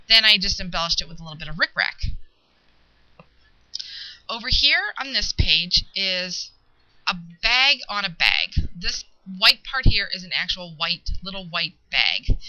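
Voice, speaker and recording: Bright-voiced woman in a casual craft walkthrough. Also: medium pitch. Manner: chatty and relaxed, pausing mid-sentence to find words. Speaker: craft video maker. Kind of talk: casual show-and-tell walkthrough. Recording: dull lo-fi home video audio.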